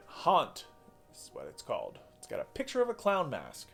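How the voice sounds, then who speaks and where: Man, slightly high voice, casual horror movie review, rambling, swears a lot, faint guitar music behind. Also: wildly swooping pitch, brisk, a bit bright. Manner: rambling, profane, self-correcting.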